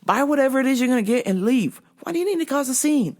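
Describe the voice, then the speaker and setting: A woman telling a story in a casual vlog, animated and profane, often laughing. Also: sits high, quick pace. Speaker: vlogger.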